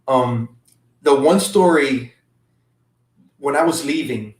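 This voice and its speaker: A man as a guest, recounting an emotional trip in halting casual talk with many restarts. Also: mid-range voice. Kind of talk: casual storytelling. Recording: roomy sound from a distant mic.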